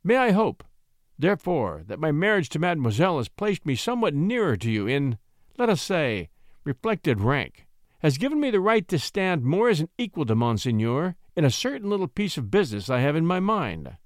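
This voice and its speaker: A man voicing a proud young shepherd poet who speaks calmly and formally. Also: on the high side, fairly quick, no room sound, clean studio sound. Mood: calm, defiant. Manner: calm, formal, dignified.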